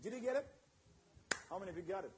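A man's voice: high-pitched, lively intonation, quick pace, a little mellow, poor audio. A man preaching a sermon with emphatic, repetitive phrasing and call-and-response asides to his congregation.

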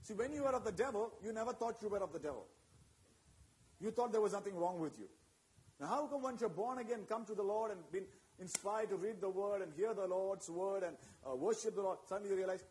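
A man's voice: high voice, fairly quick, a little mellow, low-quality recording. A man preaching a sermon with emphatic, repetitive phrasing and call-and-response asides to his congregation.

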